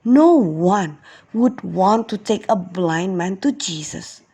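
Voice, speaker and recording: A woman kindergarten teacher telling a Bible story to young children in an expressive, slow storytelling way. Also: mid-range voice, slightly rough.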